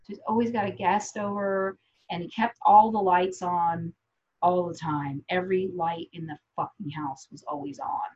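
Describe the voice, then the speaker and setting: A woman's voice: on the low side, fairly even intonation, normal speed, a little mellow, husky. Blunt, profane woman telling stories. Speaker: guest. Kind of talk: candid casual chat. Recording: slightly dull lo-fi audio.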